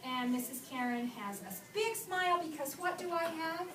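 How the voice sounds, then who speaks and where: A woman teaching a class of young children, reading aloud slowly and leading the lesson in an animated, sing-song way, recorded in a classroom. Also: extremely high pitch, a crowd in the background. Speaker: kindergarten teacher. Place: classroom, indoors. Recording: roomy classroom from a distant camera.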